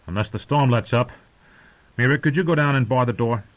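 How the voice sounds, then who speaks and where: A man voicing a grim, solemn teenage boy who speaks in a measured way. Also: medium pitch, pitched above the performer's own voice, close to an everyday voice. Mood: grim urgent. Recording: dull lo-fi audio.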